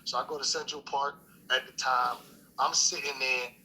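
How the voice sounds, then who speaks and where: Bright-voiced man telling a story. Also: mid-range voice, steady tone, moderate pace, creaky, a little hiss or hum, poor audio. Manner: profane, laid-back street talk with many fillers. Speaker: guest storyteller. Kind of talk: casual storytelling chat.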